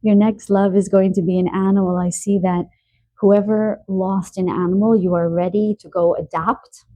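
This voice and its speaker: A woman giving a spoken tarot card reading, a little stuffy from allergies and clearing her throat, talking softly and earnestly with emotion. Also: medium pitch, level tone, normal speed. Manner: soft, earnest, emotional about animals.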